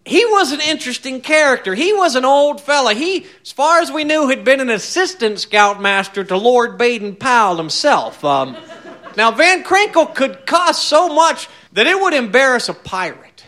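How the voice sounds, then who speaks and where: A man telling a tall tale in a folksy, wry, drawn-out way. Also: extremely high pitch, sing-song, bright, forceful tone. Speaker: storyteller.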